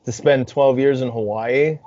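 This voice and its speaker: A young man hosting a casual podcast, relaxed and profane, asking questions and chiming in. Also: mid-range voice, measured pace, no room sound. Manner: relaxed, swears freely, laughs often. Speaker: podcast host. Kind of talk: casual interview chat. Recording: dry dull lo-fi podcast audio.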